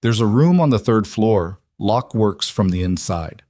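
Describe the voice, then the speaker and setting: A man voicing a calm, guarded middle-aged protector in an audiobook, speaking flatly and without inflection. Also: fairly low pitch, dry recording, studio quality. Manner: flat, measured, unemotional. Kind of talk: audiobook character voice.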